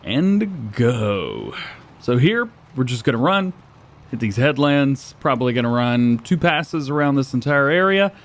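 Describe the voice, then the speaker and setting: A man's voice: mid-range voice, very animated, unhurried. A man giving casual, chatty commentary while playing a farming game, joking with himself and laughing often, a little out of breath early in the morning. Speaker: gaming YouTuber. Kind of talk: casual let's-play commentary.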